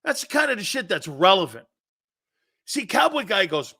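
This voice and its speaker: A man's voice: sits high, sing-song, moderate pace, gravelly, pauses often, sharp tone, breathy edge. A man hosting a sports talk show, ranting brashly with profanity and frequent laughter. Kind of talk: casual sports radio talk.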